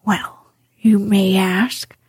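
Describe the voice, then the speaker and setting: A woman's voice: on the high side, a little slow, dry recording, exaggerated voice. Ratty, a sensible water rat, whispered by a woman. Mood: reproachful. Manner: soft, breathy whispered reading.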